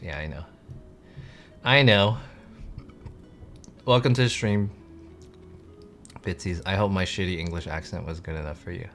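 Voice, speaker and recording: Male streamer, low voice, casual rambling delivery over soft background music. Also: a little slow, pauses often. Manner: rambling, heavy on "like" fillers. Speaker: live streamer. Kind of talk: casual chat with viewers.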